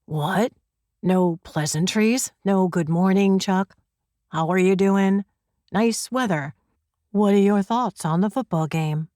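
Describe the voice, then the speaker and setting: A woman's voice: mid-range voice, slow, dark tone, no echo, lightly acted. Woman reading as a teasing, sarcastic male constable, audiobook, dry close sound. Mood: mocking. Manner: sarcastic, needling.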